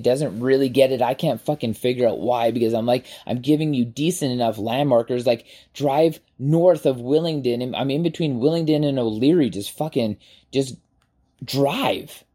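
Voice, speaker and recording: A man in his forties, a podcast host, telling a personal story in a casual, animated way and swearing freely. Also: mid-range voice. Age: 40s.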